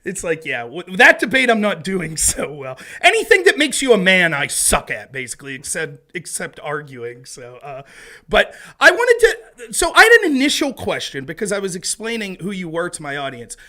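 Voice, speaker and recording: A man's voice: high-pitched, wildly swooping pitch, moderate pace, bright, forceful tone. A man hosting a casual podcast chat, talking in a jokey, self-deprecating way. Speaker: host.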